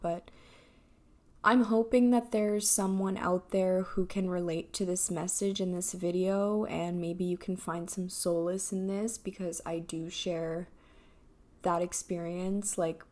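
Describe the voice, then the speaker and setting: A woman in her twenties speaks slowly in a reflective personal vlog, her voice low-pitched and flat. She is soft-spoken and halting, with plenty of fillers, and sounds emotional and close to tears. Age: 20s. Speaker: vlogger.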